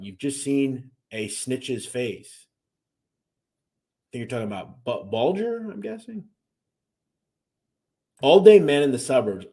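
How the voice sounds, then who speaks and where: A man's voice: medium pitch, darkish tone. A young man with a Philadelphia accent hosting a casual live-stream, loose and rambling, reading out viewer comments. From Philadelphia, USA. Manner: loose and rambling, full of fillers. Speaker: host.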